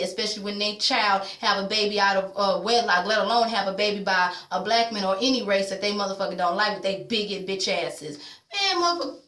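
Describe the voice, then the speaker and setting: A woman recapping a TV episode in casual chat, blunt, loud and swearing, talking straight to her viewers. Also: on the high side, reverberant. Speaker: TV show recapper.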